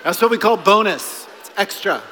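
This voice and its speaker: A man in his forties, a pastor preaching a playful, animated sermon to a church congregation. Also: sits high, normal speed, a little hiss or hum. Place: church sanctuary. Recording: long hall reverb.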